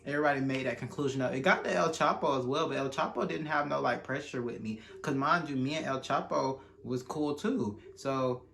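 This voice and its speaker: A young man telling a casual, animated storytime, acting out quotes and using slang. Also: medium pitch, fairly quick, creaky, hardly any pauses.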